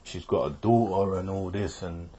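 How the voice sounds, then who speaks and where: A man's voice: low voice, fairly even intonation, normal speed, warm tone, slightly rough. A man telling a personal story in a rambling, casual way, often repeating himself and quoting what others said.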